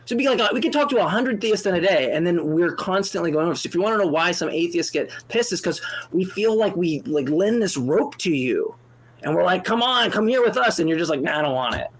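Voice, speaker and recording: A man co-hosting a call-in debate show, animated and exasperated, speaking in fast bursts with restarts and swearing freely. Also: on the high side. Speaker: co-host answering a caller.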